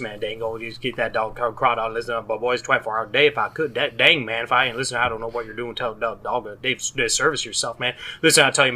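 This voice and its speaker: A man's voice: mid-range voice, pushed and bright. A man voicing a laid-back, mumbling Southern man with a slurred drawl and rambling, run-together talk.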